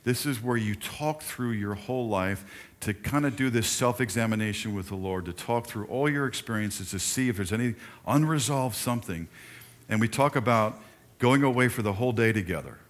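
An older pastor delivers a sermon in a church sanctuary, speaking in a conversational way and turning to chat with his congregation. His voice is medium-pitched and his pace is moderate.

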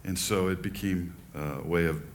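An older man preaching a sermon in a relaxed, conversational way, telling personal stories and acting out quoted lines. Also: low-pitched, normal speed, slight background noise. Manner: conversational, animated storytelling with quoted asides. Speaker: pastor.

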